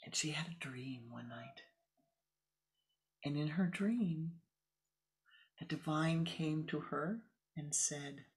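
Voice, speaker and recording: A woman spiritual teacher telling a parable in a dharma talk, animated and dropping often into hushed whispered asides. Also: low voice, takes it slowly, rough recording.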